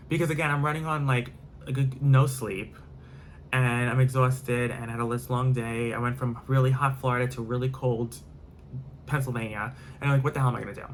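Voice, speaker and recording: A man's voice: mid-range voice, a bit bright, slight background noise. Rambling man telling a storytime vlog. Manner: rambling, filler-heavy, repeats himself, swears. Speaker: vlogger. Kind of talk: casual storytime monologue.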